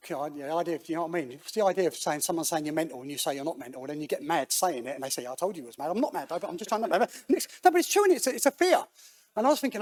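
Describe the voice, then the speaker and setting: Bloke telling his life story at church, slightly high voice, lots of restarts, does the voices. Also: darkish tone. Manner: conversational, halting restarts, acts out quoted voices. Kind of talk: personal testimony in church. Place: church hall.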